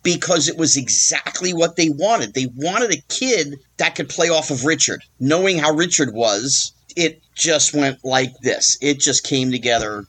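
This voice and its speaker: A man's voice: on the high side, measured pace, few pauses, husky. A man telling an anecdote as an interview guest, acting out the voices of the people in it. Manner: lively, acts out quoted voices. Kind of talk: animated storytelling anecdote.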